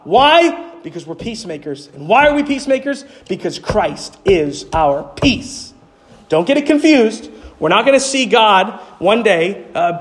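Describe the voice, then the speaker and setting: A male pastor delivering a sermon. He asks rhetorical questions and answers them himself, and his voice climbs higher on the key points. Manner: emphatic preaching, voice climbing high on key points.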